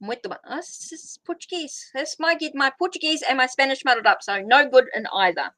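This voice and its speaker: A woman's voice: high-pitched, lively intonation, fairly quick, bright, forceful tone. A middle-aged woman hosting a casual live tarot stream, rambling as she greets viewers and answers their comments. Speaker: tarot reader hosting a livestream.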